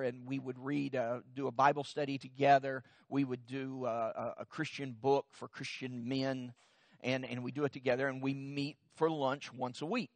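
A man's voice: mid-range voice, no room sound. A middle-aged man, a pastor, telling a personal story in a sermon in a conversational, self-deprecating way, with frequent restarts.

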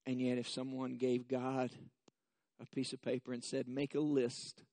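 A man preaching a sermon as pastor, slow and measured, building to emphatic repetition and leading the congregation in reciting scripture. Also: medium pitch, monotone, dark tone, no echo.

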